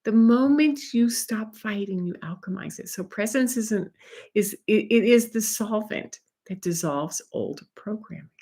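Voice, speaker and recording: A woman talks from home like a spiritual energy guide. Her delivery is soft and meandering, with light asides as she teaches. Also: medium pitch, unhurried. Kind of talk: gentle spiritual teaching monologue.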